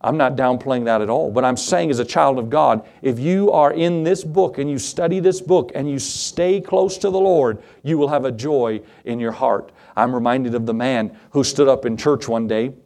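A man's voice: mid-range voice, moderate pace, creaky, hardly any pauses, a little mellow. A man preaching a sermon, reading scripture and speaking earnestly, drawing out key words. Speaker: pastor.

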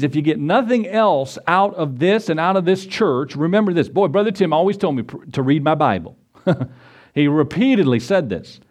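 A man preaching to his congregation in a folksy, conversational way. His voice sits a little high for a man, and he drifts into acted-out quotes and short stories to make his point. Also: darkish tone. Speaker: pastor. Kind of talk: sermon.

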